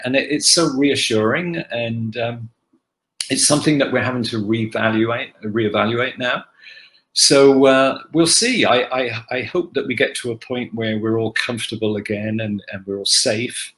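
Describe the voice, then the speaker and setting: Older man with a bright voice. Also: medium pitch, normal speed, rough recording. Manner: animated anecdotal storytelling. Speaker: guest actor answering fan questions. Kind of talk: casual virtual panel Q&A. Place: home kitchen. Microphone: video call.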